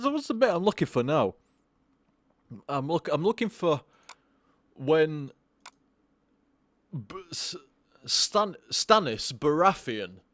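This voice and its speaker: A man's voice: a little high, no echo. A drunk young man streaming a game live, rambling, swearing and stammering over his own words.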